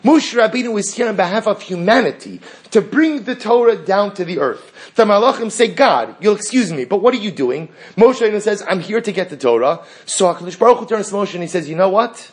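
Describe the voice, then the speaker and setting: A man teaching a Talmud class, telling the story with animated dialogue and rhetorical questions. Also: high-pitched, a little fast. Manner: animated storytelling, acting out dialogue between characters; frequent restarts and rhetorical questions. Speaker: Torah teacher.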